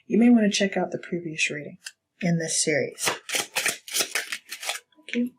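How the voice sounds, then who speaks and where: A woman's voice: on the low side, lively intonation, normal speed, pauses often, darkish tone, slight background noise, rough recording. A woman giving a casual tarot reading, blunt and profane, laughing often. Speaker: tarot reader.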